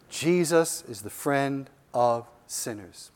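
Slow-preaching man with a raised voice. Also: a little high. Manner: emphatic preaching, repeating key lines, voice rising and dropping sharply. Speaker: pastor. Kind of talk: sermon.

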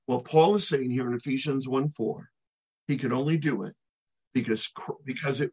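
A middle-aged male pastor preaching with a husky, slightly breathy voice. He leans hard on key words, slows right down to press a point, then lets his phrase endings sink almost to nothing. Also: medium pitch, a little mellow, poor audio. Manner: emphatic, slows to stress key words, drops to near-silent on final words. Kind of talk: expository sermon.

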